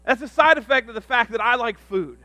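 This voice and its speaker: A man on a church's staff giving a humorous sermon, telling self-deprecating stories in an animated, jokey way. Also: extremely high pitch, brisk, no echo. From rural upbringing.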